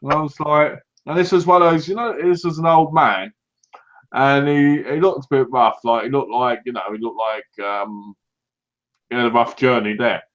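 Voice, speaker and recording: A British man co-hosting a casual podcast, telling lively anecdotes and acting out what other people said. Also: mid-range voice, normal speed. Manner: animated anecdotes, acts out other people's lines. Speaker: podcast co-host. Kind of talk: casual chat, storytelling. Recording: dull lo-fi recording.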